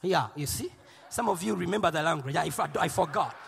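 A man from Uganda preaching a sermon in a church, shouting and playful, with call and response. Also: a little high, lively intonation, a little fast, creaky. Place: large church hall. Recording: long hall reverb.

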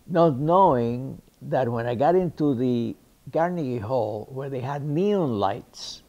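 A Cuban man whose first language is Spanish, speaking English with a Cuban Spanish accent. He is an actor in an interview, telling his anecdotes lively and acting out the people he quotes. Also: mid-range voice, slow, dull audio. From Cuba. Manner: lively raconteur who acts out the people he quotes.

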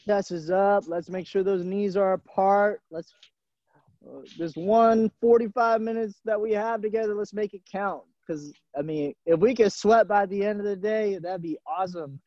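A high-pitched man with a darkish tone speaks at normal speed, the recording dry and muffled. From a gym, he leads kids through a live virtual gymnastics class on a video-call camera mic, praising them and calling them by nickname.

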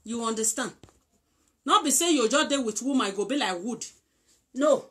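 A Nigerian woman talks through relationship advice in a loose, instructive way. She repeats herself and keeps checking that the listener follows. Her voice sits a little high. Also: moderate pace. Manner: repetitive, coaxing, often checks "you understand?". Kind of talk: casual instructive talk.

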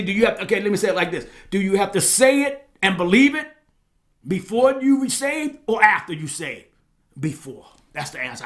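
A man preaching a sermon as pastor, swinging between loud exclamations and quiet asides and asking his listeners questions. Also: sits high.

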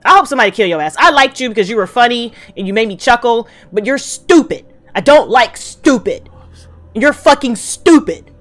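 Fiery, high-voiced woman reacting out loud. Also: animated, a little fast. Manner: emotional outbursts with frequent swearing. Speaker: host reacting to a TV drama. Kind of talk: live reaction commentary. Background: drama soundtrack playing faintly.

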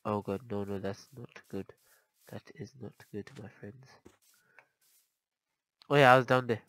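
A man giving casual, chatty commentary over his gameplay, easily startled and quick to panic. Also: fairly low pitch, steady tone, fairly bright tone, no echo, poor audio. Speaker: gaming channel host.

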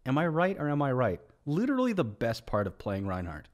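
A man's voice: mid-range voice, brisk. A man giving casual, joking commentary on gameplay clips as a streamer guessing ranks. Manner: joking, animated, sarcastic.

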